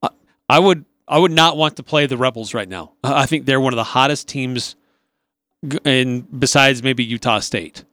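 A man co-hosting a sports radio show, chatting casually and following up with measured questions. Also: mid-range voice, a bit bright, no echo.

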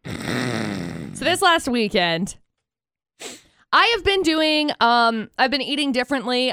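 A woman's voice: medium pitch, fairly bright tone, clear, resonant tone, no room sound, studio quality. A young woman co-hosting a morning radio show, telling a story in casual banter and laughing as she goes. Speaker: radio co-host.

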